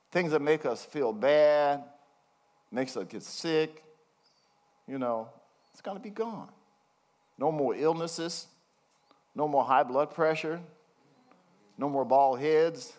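An older man preaching a conversational sermon, reading scripture slowly between folksy, chuckling asides. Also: on the high side. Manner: folksy, chuckling asides, slows down to read verses.

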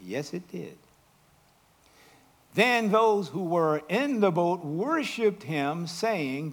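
Animated preacher man, swinging loud and soft. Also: fairly high pitch, slow. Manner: dramatic swings between loud exclamations and hushed asides; asks the congregation questions. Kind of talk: sermon.

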